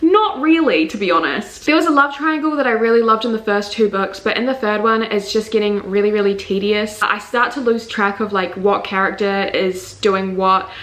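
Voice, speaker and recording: A woman's voice: mid-range voice, normal speed, hardly any pauses, fairly bright tone, echoey room, low-quality recording. Chatty New Zealand woman reviewing books. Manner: chatty, candid, lots of fillers and swearing. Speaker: book reviewer. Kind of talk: casual book review vlog.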